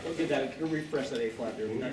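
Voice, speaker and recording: A man coaching a chorus rehearsal, energetic and encouraging, with sung demonstrations. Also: mid-range voice, fast talker. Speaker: vocal coach. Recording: echoey room, distant mic, loud background noise.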